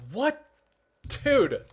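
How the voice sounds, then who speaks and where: A man's voice: high voice, creaky, husky. A man streaming a building game, exasperated, asking what happened and repeating "dude" and "bro". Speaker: Minecraft streamer. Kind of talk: frustrated gameplay commentary.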